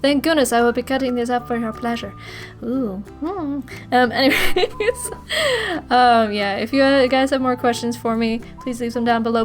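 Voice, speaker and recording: A woman's voice: fairly high pitch, moderate pace, faint music behind. A young woman answering viewer questions in a casual vlog, rambling and laughing often. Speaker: YouTuber.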